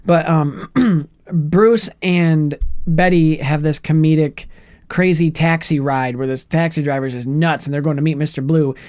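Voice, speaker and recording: A man's voice: on the high side, fairly even intonation, unhurried, a little mellow. A man co-hosting a casual movie-review podcast, retelling scenes and acting out lines in silly voices. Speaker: podcast co-host.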